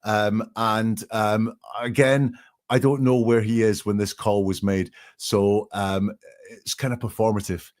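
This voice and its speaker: Man, podcast host, fairly low voice, analytical, thinking aloud, frequent ums. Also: little pitch movement, unhurried, darkish tone. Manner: analytical, breaks down quotes step by step. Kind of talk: live podcast commentary.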